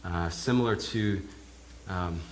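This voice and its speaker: Halting low-voiced minister in character. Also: male voice, a little hiss or hum. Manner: halting, often repeats words as he goes. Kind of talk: first-person character monologue sermon. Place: church.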